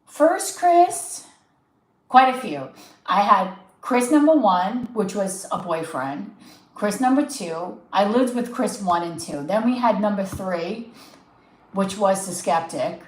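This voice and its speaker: A woman livestreaming as a tarot reader tells a story casually in a medium-pitched, slow voice, her nose stuffy and sniffly. She's chatty and animated, laughs often, and acts out the quotes. The rough recording has an echoey room sound.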